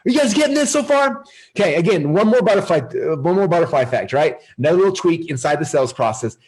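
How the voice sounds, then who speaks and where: A man presenting a live marketing webinar, energetic and salesy, often asking his audience questions. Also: a little high, fast talker, slightly rough.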